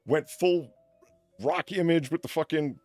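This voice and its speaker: A man's voice: on the high side, measured pace, over music. A man hosting a livestream, talking casually, rambling and swearing freely. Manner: profane, rambling with restarts. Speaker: livestream host.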